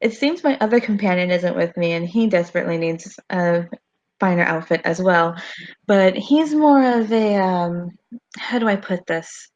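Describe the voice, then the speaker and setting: A woman voicing a gracious, flattering woman adventurer who talks effusively. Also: on the low side, moderate pace, muffled recording, close to an everyday voice. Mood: coy. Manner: sweet-talking, effusive.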